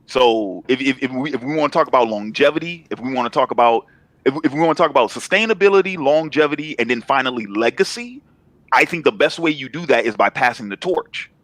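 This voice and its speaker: A man's voice: mid-range voice, lively intonation, fast, a bit bright, dry recording. A man in his thirties, a comic writer chatting as a guest in an interview, laid-back and slangy, often circling back to repeat himself as he builds a point. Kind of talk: casual interview chat.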